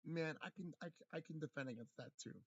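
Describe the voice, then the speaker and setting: Man, rough and breathy, rambling profane livestream rant, dry room, muffled low-fi audio. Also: fast talker, no room sound. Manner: rambling, profane, with many restarts and stammered repeats. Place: his own room at home. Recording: dull lo-fi, dry sound.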